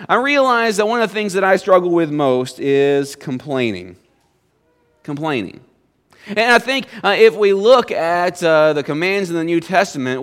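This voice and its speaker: Pastor, middle-aged man, higher voice; earnest storyteller who builds to forceful commands from the pulpit. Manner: earnest storytelling, rising to emphatic exhortation. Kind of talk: sermon.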